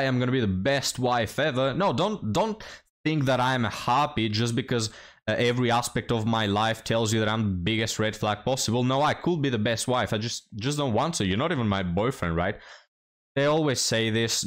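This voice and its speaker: A man's voice: medium pitch, moderate pace, a bit bright. A man hosting a reaction commentary, blunt and mocking as he talks to his viewers. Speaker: commentary host.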